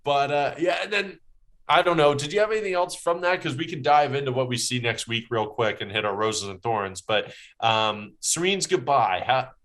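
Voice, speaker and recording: A young man hosting a casual chat podcast, quick and animated, leaning into quotes with put-on voices. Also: mid-range voice. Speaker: podcast host.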